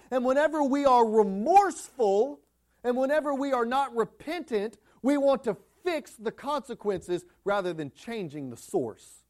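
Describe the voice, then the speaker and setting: A man preaching a sermon with a notably high voice. He talks emphatically, pushing some lines loud and pulling others down low and quiet. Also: lively intonation, moderate pace. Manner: emphatic, swings between loud peaks and quiet drops.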